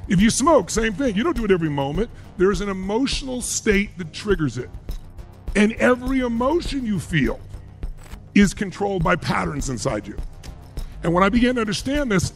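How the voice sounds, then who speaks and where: Animated, high-voiced male motivational speaker. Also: normal speed, gravelly, faint music behind. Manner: emphatic, asks the crowd rhetorical questions. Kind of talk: live seminar speech to an audience.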